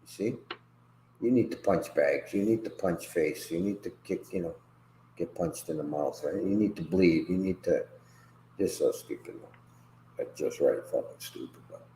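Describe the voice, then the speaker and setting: Man, deep voice, rambling profane livestream chat, echoey room, faint background hiss. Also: normal speed, mellow. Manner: profane, rambling, laughs often. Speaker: host.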